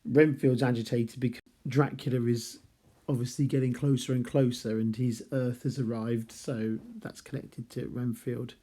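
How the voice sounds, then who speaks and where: A man walks through a classic novel chapter by chapter, talking casually as a teacher would. His voice is mellow and warm at an ordinary middle pitch, and he rambles a little, correcting himself and apologising as he goes. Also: level tone, moderate pace. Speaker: literature teacher.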